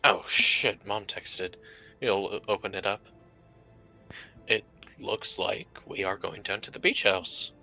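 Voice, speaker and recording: A male player with a fairly low voice and a very bright, cutting tone, jokey and quick to laugh as he plays his character in a live tabletop game. Faint music runs behind him. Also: steady tone, gravelly. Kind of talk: live-streamed tabletop role-play.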